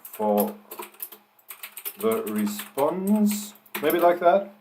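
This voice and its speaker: A man's voice: fairly high pitch, very animated, drawn-out words, a little mellow, slight background noise, low-quality recording. A man on a live writing stream, dictating his story with punctuation spoken aloud and thinking aloud between sentences.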